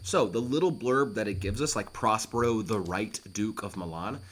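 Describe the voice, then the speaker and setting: A man teaching a play line by line, animated and reassuring, who breaks into acted quotes as he explains. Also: lowish voice, normal speed. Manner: talks straight to the student, reassuring.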